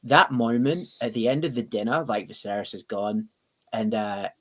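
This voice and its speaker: A man co-hosting a casual podcast debate, talking excitedly in quick bursts with restarts, swearing and acting out scenes he quotes. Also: fairly low pitch, a crowd in the background. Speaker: podcast co-host.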